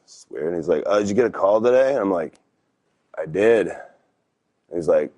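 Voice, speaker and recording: A low, deep-voiced man in his thirties spins a long story in a relaxed, meandering way. He keeps starting over and piling up fillers. The sound is dry and close. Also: normal speed, long pauses, no echo. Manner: laid-back, rambling, lots of fillers and restarts. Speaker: wrestler, podcast guest. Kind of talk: casual storytelling interview.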